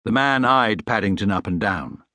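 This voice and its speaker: A man with an English accent narrating a children's audiobook in a warm, expressive storytelling manner. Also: on the low side, moderate pace, dry recording. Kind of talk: scripted narration. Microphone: studio mic.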